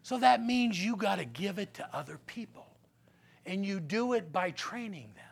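A male pastor preaching in a church sanctuary, telling a story with lively animation, then settling into quiet, earnest teaching. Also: sits high, normal speed, creaky, slightly rough. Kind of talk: sermon with storytelling.

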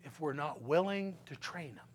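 A male pastor preaching in a church sanctuary, telling a story with lively animation, then settling into quiet, earnest teaching. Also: on the high side, moderate pace, slight background noise. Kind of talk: sermon with storytelling.

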